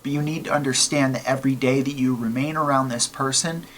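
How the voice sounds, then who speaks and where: A man's voice: medium pitch, fairly even intonation, brisk, fairly bright tone, a little hiss or hum. Earnest man giving serious advice. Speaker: advice video host. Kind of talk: reading a letter and giving advice.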